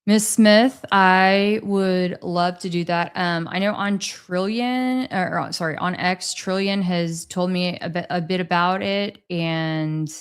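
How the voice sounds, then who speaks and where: A woman's voice: lowish voice, fairly even intonation, takes it slowly, few pauses, smooth. A woman hosting a casual livestream, chatting with viewers and thanking them for their messages. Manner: chatty, reads and thanks viewers' super chats. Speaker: livestream host.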